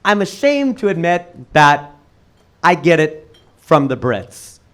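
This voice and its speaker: A man performing a stand-up comedy set on stage, telling stories with sudden jumps in pitch and loudness. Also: takes it slowly. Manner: animated storytelling with sudden jumps in pitch and volume. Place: comedy club stage with live audience.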